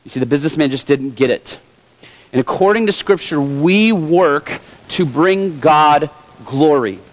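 A male preacher gives a sermon in a casual, conversational way, telling stories as he goes. His voice sits a little high. The sound is dull and lo-fi. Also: lively intonation, measured pace. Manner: conversational, storytelling, with fillers.

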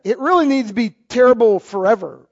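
Pastor guy preaching, really high voice, gets loud then goes quiet, muffled lo-fi sound. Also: expressive, brisk. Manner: emphatic, swings between loud exclamations and quiet asides. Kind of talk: sermon. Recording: dull lo-fi church recording.

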